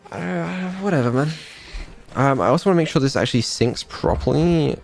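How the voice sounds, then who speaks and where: A man's voice: a little high, animated, brisk, vocal fry, soft background music. A man, a developer and streamer, chatting casually on a live dev stream, laid-back and mumbling, with ums and the odd swear.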